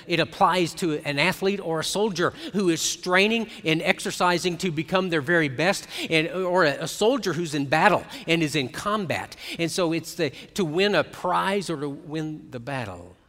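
Middle-aged male pastor, sermon delivery, hushed to emphatic, a little high-pitched, church reverb. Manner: preaching with swells from hushed to emphatic.

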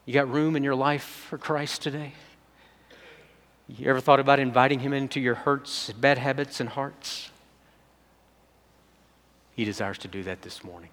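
A man's voice: mid-range voice, steady tone, normal speed, long pauses, a bit bright. A man preaching a sermon as pastor, speaking conversationally and putting direct questions to his congregation. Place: church sanctuary. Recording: long reverb of a church hall.

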